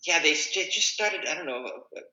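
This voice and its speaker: Bright-voiced rambling comedian, roomy sound. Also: male voice, on the high side, expressive, fairly quick. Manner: rambling, self-correcting, many fillers. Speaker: comedian and podcaster. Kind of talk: casual conversation.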